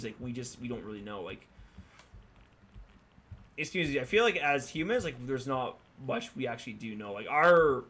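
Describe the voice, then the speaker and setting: A man's voice: medium pitch, sharp tone. A man in his twenties commentating a game, rambling and musing with lots of fillers. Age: 20s. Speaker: let's play host. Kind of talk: casual gaming commentary.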